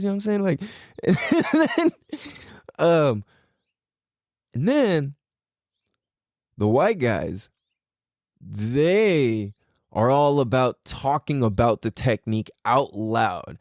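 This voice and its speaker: A man's voice: a little high, big pitch swings, a little slow, long pauses, darkish tone, no room sound, clean studio sound. A man hosting a podcast, talking casually and comically, laughing often and acting out his relatives' voices. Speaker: podcast host. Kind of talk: casual comedic monologue.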